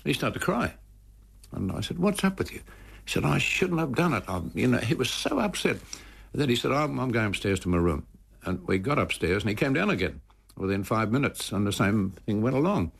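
An older Australian man recounts old memories in an emotive, storytelling way, often stumbling and repeating words. His voice is low and gravelly, with a husky edge. He sounds like a former player looking back. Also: big pitch swings, brisk. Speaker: former cricketer. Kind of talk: anecdotal storytelling.

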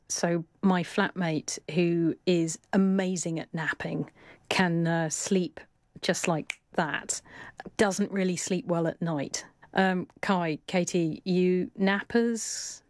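A woman's voice: on the low side, darkish tone, no echo, studio quality. A woman hosting a radio show, chatty and playful as she takes listener questions. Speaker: radio host.

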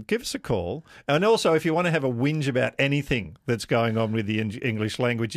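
A man with an Australian accent hosting live talkback radio in a studio, brisk and chatty, giving the number and reading texts. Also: medium pitch, no room sound. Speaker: radio host.

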